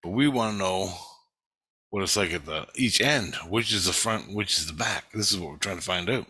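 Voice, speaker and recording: Guy rambling through a story, cusses a lot, lowish voice with a sharp edge, dry close sound. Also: lively intonation, moderate pace, husky. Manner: rambling, profane, with frequent restarts. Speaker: vlogger recounting an astral travel experience. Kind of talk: casual storytelling.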